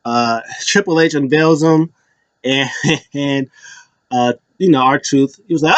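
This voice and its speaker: Man, casual wrestling recap, rambling restarts, mid pitch, dry close mic. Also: takes it slowly, a bit bright, no echo. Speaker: wrestling show commentator.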